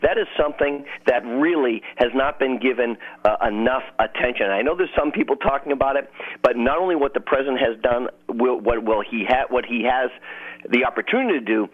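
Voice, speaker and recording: A man calling in as a guest on a political radio show, giving measured, deliberate explanations. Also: mid-range voice. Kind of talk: phone-in radio interview. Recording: tinny phone line.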